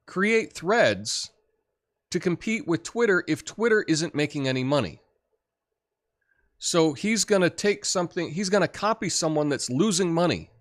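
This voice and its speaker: A middle-aged man hosting a solo political commentary show, talking in a chatty, opinionated way with many fillers and little chuckles. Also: high voice.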